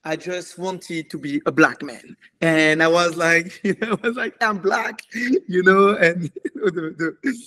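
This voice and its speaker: A man's voice: a little high, measured pace. A man with a French accent, a native French speaker, telling his life story in a casual, rambling interview full of fillers. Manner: animated, rambling, many fillers. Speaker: commercial filmmaker.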